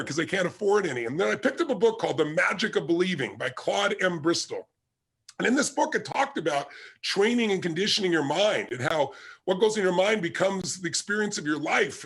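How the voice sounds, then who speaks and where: Gravelly, husky motivational speaker man. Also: high-pitched. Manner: emphatic, storytelling, animated. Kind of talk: motivational talk.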